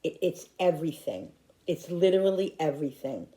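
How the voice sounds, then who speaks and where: A woman's voice: low-pitched, lively intonation, moderate pace, warm tone. A middle-aged woman talking to her viewers in a heartfelt, rambling way, often restarting her sentences. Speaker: YouTuber. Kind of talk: personal vlog talk. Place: home in upstate New York.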